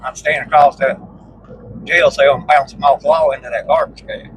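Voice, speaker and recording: A man's voice: mid-range voice, steady tone, fairly quick, background noise. Salty man spinning yarns. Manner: rambling, salty, laughs at his own stories. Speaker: storyteller in conversation. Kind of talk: casual storytelling. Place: inside a moving vehicle.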